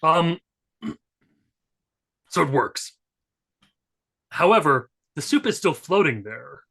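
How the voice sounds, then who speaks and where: A man's voice: fairly high pitch, sing-song, extremely slow, creaky, pushed and bright. A man narrating as game master of a tabletop role-playing game, laid-back and joking, with fillers.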